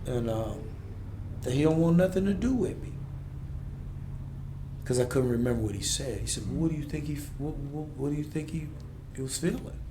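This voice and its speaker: A man's voice: medium pitch, animated, brisk, pauses often, noisy background. A man in his forties, a podcast guest, telling a raw, intense personal story in blunt street-inflected speech. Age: 40s. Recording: echoey room.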